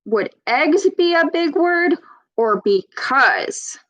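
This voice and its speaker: A woman's voice: high voice, very animated, takes it slowly, fairly bright tone. A woman reading a picture book aloud to children, patiently asking them questions as she teaches. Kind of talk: storybook read-aloud with teaching.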